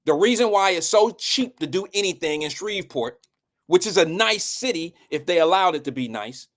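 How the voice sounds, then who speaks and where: A man's voice: high-pitched, animated, normal speed, a bit bright. A man hosting a live show, giving blunt and preachy casual commentary.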